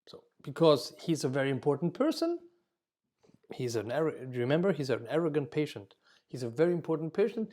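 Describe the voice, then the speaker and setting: Warm-toned man lecturing dentists. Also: fairly high pitch. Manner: explains with example phrases, frequent "okay?" check-ins; self-corrects mid-word. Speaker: dental communication instructor.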